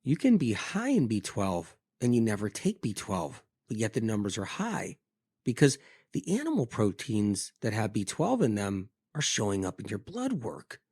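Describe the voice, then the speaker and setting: A man's voice: lowish voice, wildly swooping pitch, moderate pace, darkish tone, slightly rough, no room sound, clean studio sound. A man delivering a scripted health monologue, telling it vividly with emphatic repetition. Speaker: health speaker.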